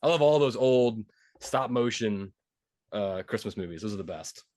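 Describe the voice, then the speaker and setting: A man co-hosting a podcast, retelling a movie in a rambling, animated way with lots of fillers. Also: on the low side, moderate pace, no room sound, studio quality. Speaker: podcast co-host. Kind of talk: casual chat.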